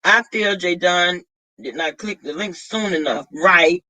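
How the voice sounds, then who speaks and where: A woman's voice: fairly low pitch, measured pace, sharp tone, poor audio. A woman with a Southern US accent, chatting casually to her viewers on a live stream and greeting them by name as she tells a dramatic story. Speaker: vlogger.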